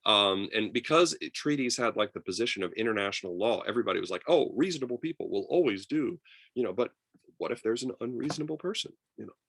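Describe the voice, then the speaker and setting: A man teaching a history class over a video call, lively and chatty, acting out quotes with many fillers. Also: medium pitch, fast, dry recording. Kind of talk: online class lecture.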